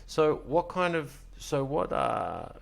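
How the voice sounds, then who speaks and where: A man's voice: fairly high pitch, takes it slowly, gravelly. A young man hosting a podcast, chatting casually with a guest. He swears freely and keeps calling his guest bro. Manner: profane, animated storyteller, says bro a lot. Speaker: podcast host. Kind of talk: casual chat.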